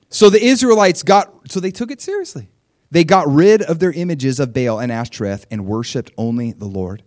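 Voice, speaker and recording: A man's voice: on the high side, normal speed. A man preaching a sermon in a conversational style, reading scripture and animatedly acting out the voices of the people he describes. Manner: conversational, animated, acts out quotes. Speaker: pastor.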